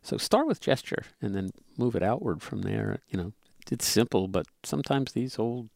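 A man's voice: on the low side, expressive, moderate pace, creaky, a little mellow, no room sound. A man co-hosting a relationship podcast, musing aloud, often restarting his phrases and chuckling. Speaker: podcast co-host. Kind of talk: relationship advice chat.

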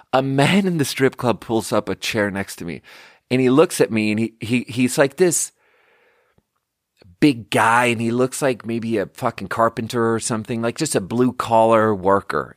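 This podcast host is a young man with a fairly low voice, recorded at studio quality without any echo. He tells a casual, rambling story, making fun of himself and padding it with fillers and false starts.

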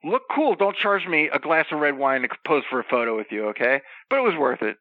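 A man telling rambling, profane wrestling stories in a casual chat, animated and quick to jump from one tangent to the next. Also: mid-range voice, no room sound. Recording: slightly dull, dry sound.

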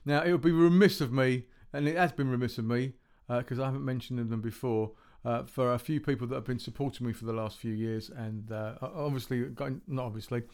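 Man, podcast host, medium pitch, casual rambling chat, self-deprecating, home recording room. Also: fairly even intonation, brisk, few pauses, darkish tone, clean tone. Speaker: podcast host playing music tracks.

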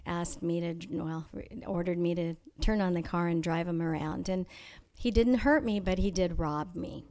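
A woman being interviewed, telling a personal story in a thoughtful, measured way with frequent pauses and restarts. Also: lowish voice, a little mellow. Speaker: interview guest. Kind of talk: reflective personal storytelling in conversation.

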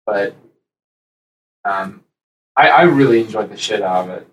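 A man co-hosting a casual podcast chat, rambling and animated, breaking into high-pitched impressions. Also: measured pace, roomy sound, far from the mic, dull audio, a little hiss or hum. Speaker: podcast co-host.

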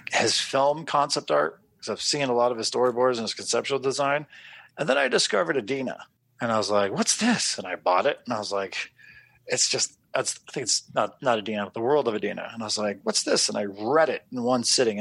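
A man co-hosting a podcast, chatting casually and telling animated stories, swearing and acting out his own reactions. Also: medium pitch, creaky, breathy edge, no echo. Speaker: podcast co-host. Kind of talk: casual chat.

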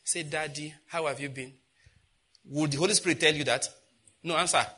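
A middle-aged man preaching to his congregation in a bright, forceful voice. He tells stories at a conversational pace, then climbs into loud, fervent outbursts. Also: on the high side, steady tone, normal speed, pauses often, breathy edge. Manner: storytelling preacher who rises to loud, impassioned outbursts. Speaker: pastor. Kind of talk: sermon.

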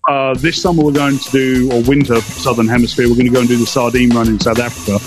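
A man's voice: mid-range voice, flat delivery, fast, over music. Rambling English man on a radio chat. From England. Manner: rambling, self-deprecating, lots of fillers. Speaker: dive trip organizer and guest.

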